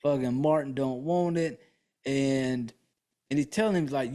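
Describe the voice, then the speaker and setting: A man's voice: mid-range voice, measured pace, mellow. A man hosting a podcast, casually recapping a movie in a loose, profane, rambling way full of fillers. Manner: laid-back, chatty, full of fillers. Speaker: podcast host.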